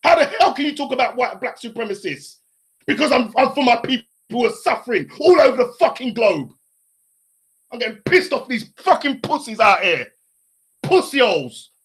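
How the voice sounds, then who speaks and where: A man, ranting furiously on a live stream, profane and often shouting. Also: very high-pitched, sing-song, moderate pace. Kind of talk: angry live-stream rant.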